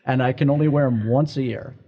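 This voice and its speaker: A man in his forties co-hosting a podcast in casual, excitable chat, often restarting his sentences. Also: mid-range voice, fast, slightly rough. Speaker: podcast co-host, entertainment director. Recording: slightly dull lo-fi recording.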